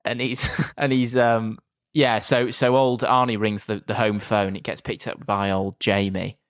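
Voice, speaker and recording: A man's voice: fairly low pitch, level tone, a little slow, no room sound. A man, co-hosting a casual film review podcast, dry and wry, acting out bits of scenes. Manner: dry, acts out scenes in silly voices. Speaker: podcast co-host.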